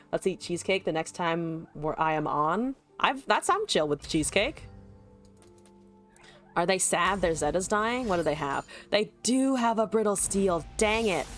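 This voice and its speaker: Streaming a card game, this woman chats casually in a lowish, somewhat bright voice. Her gameplay commentary is full of swearing and frequent laughter as she talks with her chat.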